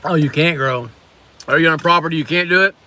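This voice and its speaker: Bright-voiced chatty livestream host. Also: male voice, a little high, fast talker. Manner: rambling, chatty, reads comments aloud. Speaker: livestream host reviewing snacks. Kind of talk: casual livestream chat. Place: on lunch break at a waterfront work site.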